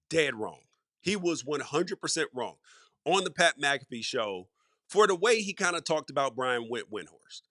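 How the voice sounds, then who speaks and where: A middle-aged man hosts a sports podcast, offering solo commentary in a conversational, emphatic way and repeating words for stress. His voice is a little high, pushed and bright, in studio quality with no echo.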